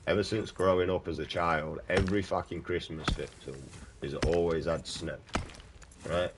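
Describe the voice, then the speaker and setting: A young British man with a very deep voice, swearing and ranting casually while chatting to viewers on a stream. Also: fairly even intonation, moderate pace, noisy background. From United Kingdom. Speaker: gaming streamer. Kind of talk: casual livestream chat.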